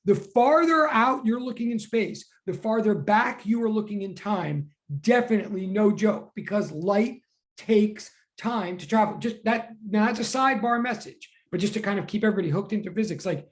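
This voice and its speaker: A man's voice: high-pitched, moderate pace. A man teaching a physics class online, talking casually and animatedly, often reacting to the class chat. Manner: chatty, animated, reads chat aloud.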